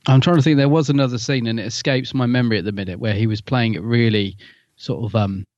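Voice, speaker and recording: A man co-hosting a podcast, thinking aloud in an easygoing chat and often trailing off. His voice sits at a middle pitch. The recording is dull and lo-fi, with no room echo. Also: fairly even intonation, fast talker, darkish tone. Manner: thoughtful, musing, often trails off. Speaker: podcast co-host. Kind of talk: casual chat reviewing an episode.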